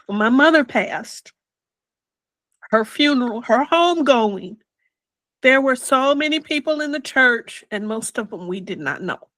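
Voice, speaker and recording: Older woman, interview guest, slow reflective storytelling, slightly high voice, dry close sound. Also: expressive, a bit bright, dry recording, poor audio. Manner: slow and reflective, drops to a whisper on quoted words.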